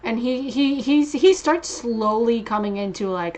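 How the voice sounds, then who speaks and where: A woman's voice: a little high, a little slow, a little mellow. A woman in a casual group chat, reading out comments and talking with lots of fillers. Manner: chatty, filler-heavy. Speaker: reader in discussion panel.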